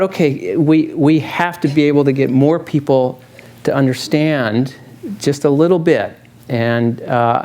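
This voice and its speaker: A middle-aged man, a field biologist and falconer, giving a casual public lecture with stories, talking in a halting way with many restarts. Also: mid-range voice, a little mellow. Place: lecture hall with an audience.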